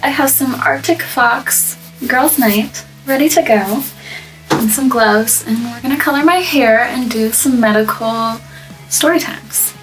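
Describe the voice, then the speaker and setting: A young woman chats her way through a story, laughing often and trailing off mid-thought. Her voice sits a touch high. She sounds a little away from the microphone, with faint music behind her. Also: unhurried, distant mic, rough recording. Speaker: vlogger. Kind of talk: casual story time while coloring hair. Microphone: microphone placed up by the camera.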